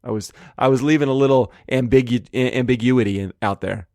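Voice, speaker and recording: A man's voice: medium pitch, brisk, a little mellow, no room sound. Guy cohosting a podcast, jokey and self-deprecating, lots of restarts, dry close sound. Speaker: podcast co-host. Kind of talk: casual chat.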